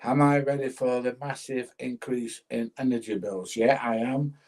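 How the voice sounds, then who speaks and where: A man's voice: medium pitch, steady tone, normal speed, a little mellow, low-quality recording. An older man casually chatting on a livestream, reading out viewer comments and laughing as he goes. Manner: chatty, laughs often, plain-spoken. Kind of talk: casual chat.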